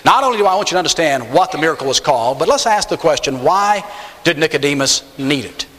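A man preaching with an emphatic style, his fairly high voice leaping upward on the words he wants to stress. His voice rings out with a long reverb trail, as if from a big sanctuary. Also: animated, fast talker, a bit bright. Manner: emphatic preaching, swings pitch up on key words. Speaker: pastor. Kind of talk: sermon.

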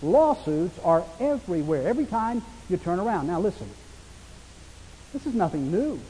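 A man's voice: sits high, big pitch swings, normal speed, mellow, in a large hall, slight background noise, poor audio. A man preaching a sermon as a pastor, conversational and emphatic, asking his listeners rhetorical questions.

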